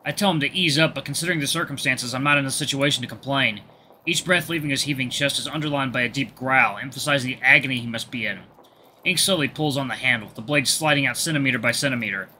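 A man hosting a gaming video, reading a visual novel aloud with relaxed, chatty asides. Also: mid-range voice, fast, a little hiss or hum.

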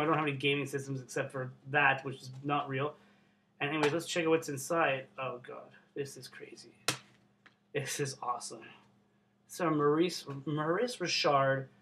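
A young man from Canada vlogging casually, excitable and swearing constantly. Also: a little high. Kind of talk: casual unboxing vlog.

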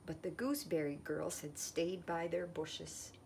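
A woman reading a children's picture book aloud in a gentle, expressive way. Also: on the low side, measured pace, gravelly, slight background noise. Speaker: storyteller.

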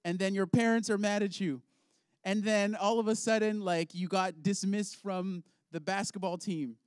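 A playful man runs a hands-on faith lesson for children and laughs easily with his young volunteers. His voice sits fairly high. The sound is dry, with little room echo. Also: fairly even intonation, normal speed, clean tone. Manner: upbeat, playful, laughs often. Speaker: children's ministry leader. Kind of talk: object lesson for kids.

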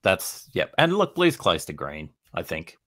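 A man's voice: deep voice, huge pitch swings, measured pace, bright, forceful tone, no room sound. A man with an Australian accent hosting a podcast interview, asking playful quiz-style questions. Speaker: podcast host.

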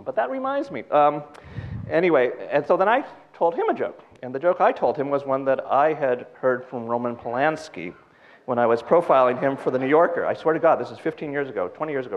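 A man's voice: mid-range voice, highs cut off. A man telling stories on stage, chatty and digressive. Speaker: festival director, joke teller. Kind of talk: stage storytelling. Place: festival stage.

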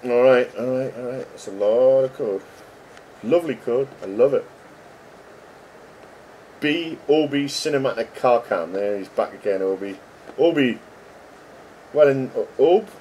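A man's voice: medium pitch, moderate pace, long pauses, mellow, a little hiss or hum. A middle-aged man, a game developer chatting casually and joking as he reads code names aloud. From England. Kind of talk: casual commentary while reading code.

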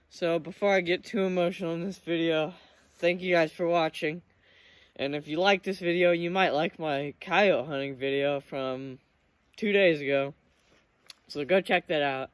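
Teen male vlogger, eager and emotional, repeats himself, higher voice. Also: dry recording. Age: teens. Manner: excited, emotional storytelling with repeated words. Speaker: hunting vlogger. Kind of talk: casual storytelling to camera.

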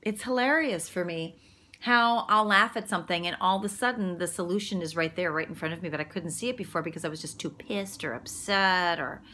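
A middle-aged woman life coach talking casually and warmly about feeling good, laughing at herself and sometimes dropping to a whisper. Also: fairly low pitch, fairly quick. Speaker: quantum healing practitioner and life coach. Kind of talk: casual motivational monologue.

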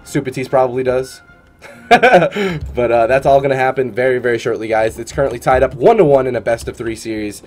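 A man's voice: mid-range voice, fairly quick, soft background music. A man casting a live esports tournament and chatting between matches in an upbeat, chatty way full of "uh" and "man". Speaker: tournament caster and streamer.

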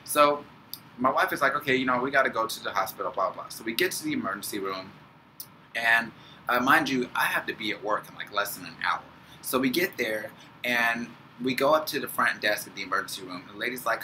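A young man telling a story casually as a vlogger, animated and acting out the people he quotes. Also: mid-range voice, moderate pace, a little hiss or hum, poor audio.

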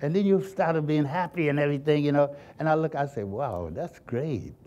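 A man's voice: on the high side, fast. Older man telling stories with chuckles. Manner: chuckles often while recounting, folksy and lively. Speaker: interviewee. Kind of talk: storytelling reminiscence.

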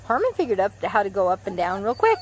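A woman outdoors talking to puppies in a high, sing-song baby-talk voice. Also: very animated, fast, darkish tone, a little hiss or hum. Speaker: dog owner filming puppies. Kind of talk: casual chat to puppies. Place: outdoors in a yard.

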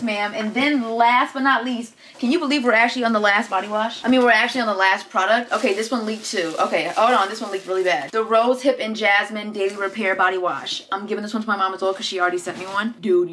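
A woman's voice: fairly high pitch, fairly bright tone, a little hiss or hum. A young woman vlogging from her bedroom, gushing and exclaiming as she unboxes products, with lots of "like" and "dude". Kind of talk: excited casual unboxing chat. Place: bedroom by a window.

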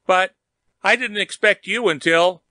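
A man's voice: a little high, very animated, measured pace, sharp tone, no room sound, voice pushed up, full character voice. Guy reading aloud and doing a throaty seductive lady, coaxing and close, dry sound. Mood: startled. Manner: coaxing, intimate. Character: seductive tall woman, throaty and alluring. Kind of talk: audiobook reading.

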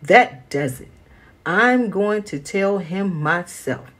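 A woman voicing a stern old grandfather farmer in a storybook, gruff and scolding. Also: fairly low pitch, expressive, slow, a bit bright, heavily acted.

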